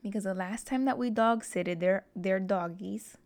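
A woman's voice: medium pitch, moderate pace, darkish tone. Playful, dramatic young woman podcaster. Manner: playful, dramatic, gasps and giggles. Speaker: podcast co-host. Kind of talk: casual chat.

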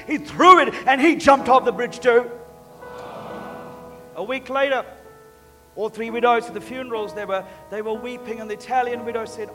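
Male pastor, high voice, energetic sermon delivery, echoey hall. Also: moderate pace. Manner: emphatic, joking, repeats words. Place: church. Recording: long church reverb, faint music.

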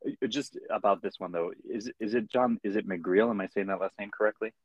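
A man's voice: lowish voice, fairly quick, dry recording, highs cut off. A man co-hosting a podcast in casual chat, teasing his partner with playful, mock-dramatic lines. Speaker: podcast co-host.

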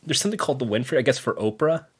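A man's voice: medium pitch, rapid-fire, breathy edge. A man on a casual podcast reading through menu items, chuckling now and then. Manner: reads menu items in a relaxed list, chuckling. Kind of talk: casual chat.

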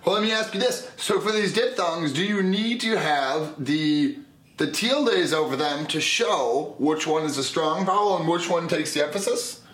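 A man's voice: fairly high pitch, moderate pace, a bit bright. A man co-hosting a language podcast, explaining pronunciation patiently in an easygoing way. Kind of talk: casual teaching chat. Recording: echoey room.

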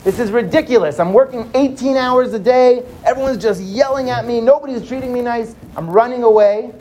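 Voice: medium pitch, a little fast, darkish tone, slight background noise, pitched above the performer's own voice, close to an everyday voice. A storyteller voicing an exhausted sixteen-year-old boy who has had enough, weary but resolved. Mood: fed up. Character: exhausted teenage boy fed up with home.

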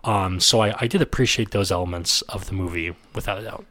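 A man co-hosting a podcast, casually reviewing a film and eagerly retelling favorite scenes with quick asides. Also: low-pitched, a bit bright, no room sound. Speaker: podcast co-host.

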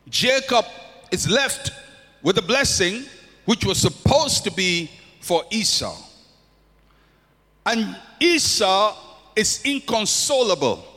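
A man's voice: high voice, pushed and bright. A man preaching a sermon with an impassioned, repetitive cadence in a church hall. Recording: long hall reverb.

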